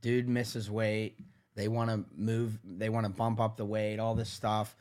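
A man with a Pittsburgh accent telling a story in an animated, casual way on a podcast, often acting out what people said. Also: lowish voice, measured pace. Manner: animated, swears when heated, acts out quotes. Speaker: MMA manager, podcast guest.

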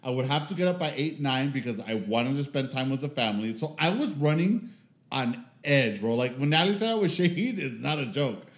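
Lively self-mocking man on a podcast. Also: medium pitch, brisk, roomy sound. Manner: lively, self-mocking storyteller, swears, laughs. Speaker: podcast co-host. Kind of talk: casual chat.

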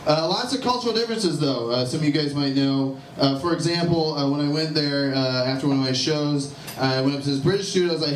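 A man's voice: fairly high pitch, brisk, few pauses, a little hiss or hum. A man from Ohio doing a stand-up comedy set, chatting and teasing the crowd with lots of "uh" fillers. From Columbus, Ohio. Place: comedy club stage with a live crowd. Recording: roomy club sound from far off, loud ambience.

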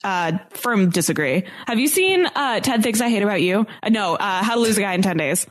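A woman's voice: medium pitch, animated, brisk. A woman co-hosting a casual movie podcast, chatty and opinionated, often laughing as she talks. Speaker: podcast co-host. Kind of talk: casual chat.

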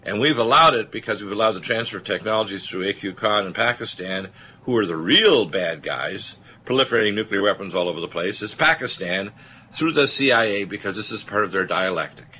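A man's voice: on the low side, animated, fairly quick, bright, forceful tone, a little hiss or hum. Emphatic, rambling talk-radio host man. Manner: emphatic and rambling, many filler uhs.

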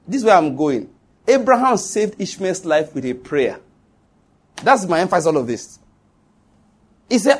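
A man's voice: sits high, big pitch swings, normal speed, long pauses. A middle-aged Nigerian man, a pastor preaching a sermon with emphasis and quizzing his congregation. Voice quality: husky.

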